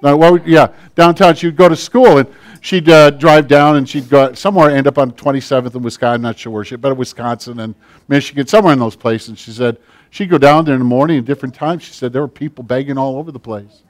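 A pastor preaches to his congregation with strong emphasis. His voice sits at an ordinary pitch for a man, rising loud on key points and dropping to a hush in prayer. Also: fast talker. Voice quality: big build, speaks plainly. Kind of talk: sermon with closing prayer.

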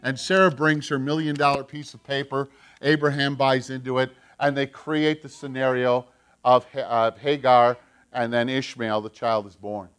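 A male pastor preaching a sermon, animated, acting out the voices he quotes. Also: medium pitch, normal speed, smooth.

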